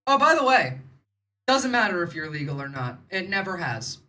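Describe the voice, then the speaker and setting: A woman from the United States riffs through casual political commentary on her livestream, blunt and sarcastic. Her voice sits low for a woman but has a bright, forceful edge, and she rambles from point to point. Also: very animated, normal speed. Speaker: livestream host.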